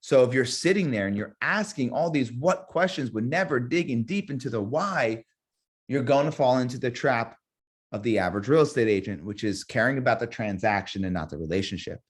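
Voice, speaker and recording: A man teaching real estate agents in a live webinar, energetic, repeating key phrases and acting out sample sales calls. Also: mid-range voice, fairly quick.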